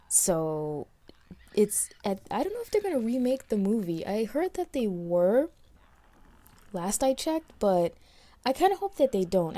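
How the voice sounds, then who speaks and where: A woman's voice: mid-range voice, warm tone. A woman from New York with a slight New York accent, giving casual, rambling let's play commentary recorded after playing. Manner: chatty, rambling, many restarts and fillers.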